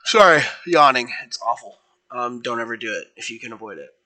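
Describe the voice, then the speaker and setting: A man's voice: medium pitch, lively intonation, a little fast, pushed and bright. A young man streaming, improvising fan fiction in a rambling, playful way that keeps correcting itself. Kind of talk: casual improvised storytelling.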